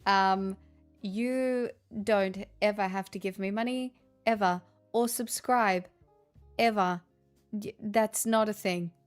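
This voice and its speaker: An Australian woman talks casually to her live viewers at an ordinary middle pitch. Her humor is dry and sarcastic, and she often turns it on herself. Faint music plays in the background. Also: steady tone, slow pace. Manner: sarcastic, chatty, self-deprecating. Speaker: livestream host.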